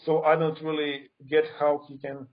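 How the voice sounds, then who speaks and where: A man's voice: on the high side, monotone, moderate pace, dull audio. A man giving an academic conference talk, criticizing another scholar's claims in an emphatic, argumentative way over a remote video call. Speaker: conference speaker.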